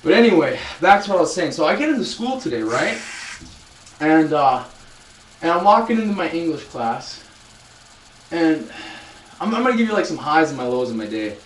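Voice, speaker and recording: A man's voice: on the high side, very animated, normal speed, pauses often, slight background noise. Rambling twenty-something man, echoey distant sound. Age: 20s. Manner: rambling storyteller, many restarts, talking to chat. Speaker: live streamer. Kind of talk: casual live-stream chat. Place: loud room.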